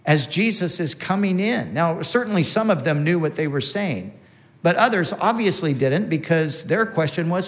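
A man delivers a sermon in a steady teaching manner. His voice sits a little high for a man. He often restarts a phrase and repeats the words he wants to stress. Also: normal speed. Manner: teaching, with frequent restarts and emphatic repetition. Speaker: preacher.

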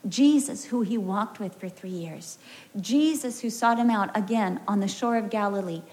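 A woman's voice: medium pitch, moderate pace, darkish tone. An American woman preaching a sermon in an emphatic, storytelling way with humorous asides. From United States.

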